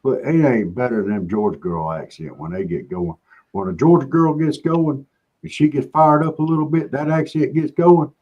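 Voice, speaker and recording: A man's voice: mid-range voice, moderate pace, highs cut off. A man hosting a casual chat show, joking in a folksy, drawling way. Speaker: show host.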